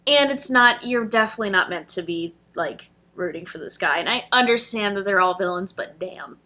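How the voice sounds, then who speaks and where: A woman's voice: medium pitch, expressive, a little fast, sharp tone. A young adult woman reviewing a film in casual chat, gushing and emotional, with many fillers.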